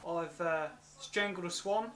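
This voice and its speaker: A man's voice: high-pitched, unhurried, fairly bright tone, a little hiss or hum. A man playing an unhinged Englishman who fakes an Australian accent and brags in rambling boasts, in an improvised mockumentary comedy. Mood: boastful. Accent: put-on Australian. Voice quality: blustering, rambling boasts with fillers.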